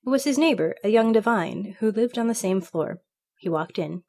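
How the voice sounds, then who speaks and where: A woman reading a fairy tale aloud in a measured, expressive storytelling manner. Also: mid-range voice. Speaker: storybook reader. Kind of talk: scripted narration.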